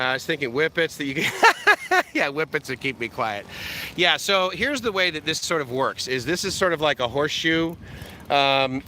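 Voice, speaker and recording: A man's voice: medium pitch, sharp tone, slight background noise. A man hosting a live walk-and-talk vlog by the sea, rambling and joking with viewers, recorded on a camera held out on a stick. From USA. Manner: rambling, joking, chuckling often. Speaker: vlogger, live-stream host. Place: outdoor seaside walkway. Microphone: camera on a selfie stick.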